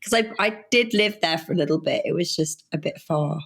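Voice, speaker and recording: A woman hosting a podcast who talks casually and with enthusiasm, laughing easily and jumping up in pitch when excited. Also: a little fast, gravelly, husky. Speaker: podcast host. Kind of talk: casual interview chat.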